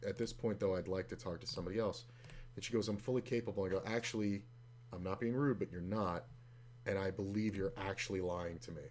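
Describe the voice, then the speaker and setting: A man's voice: sits low, darkish tone. A man streaming online poker from home, talking through his hands and chatting casually with muttered, frustrated asides. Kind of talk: casual poker commentary and chat. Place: home room at a computer. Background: faint hum and keyboard clicks.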